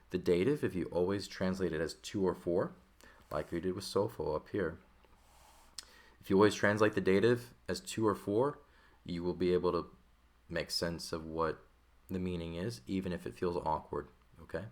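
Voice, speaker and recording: A man teaching a recorded textbook lesson, explaining patiently and checking in often with "okay" and "right". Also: low-pitched. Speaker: Greek teacher.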